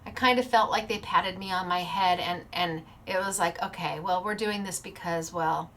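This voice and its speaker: A woman's voice: lowish voice, moderate pace, a bit bright. A woman hosting a paper-crafting show, talking in a bubbly, chatty way, laughing often and acting out little quotes. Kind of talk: casual chatty livestream.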